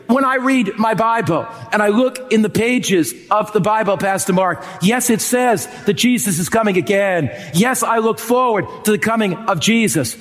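A man preaching a sermon as pastor, emphatic, with slow drawn-out lines and quick stretches. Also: high-pitched, fairly bright tone, big-room sound. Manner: emphatic preaching, swinging between slow drawn-out and fast delivery.

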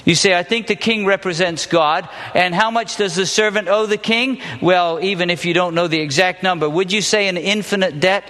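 A man's voice: high voice, normal speed, hardly any pauses, bright, forceful tone, long reverb tail. A man teaching a Bible passage, reading it aloud and then questioning his listeners with small laughs.

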